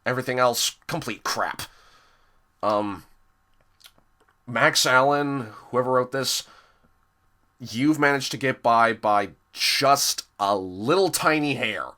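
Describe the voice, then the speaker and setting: A man's voice: mid-range voice, slow, long pauses, pushed and bright. A young man giving an exasperated, profane review monologue, sighing heavily between complaints. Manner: exasperated and profane, with heavy sighs. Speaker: episode reviewer.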